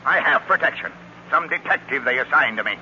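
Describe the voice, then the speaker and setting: A man's voice: medium pitch, expressive, fairly quick, pushed and bright, slight background noise. A crusty, suspicious old man. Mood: grumpy. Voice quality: crusty, curt, blunt. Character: gruff, suspicious older man, hunted and irritable. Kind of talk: 1940s radio drama acting. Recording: dull lo-fi old radio recording.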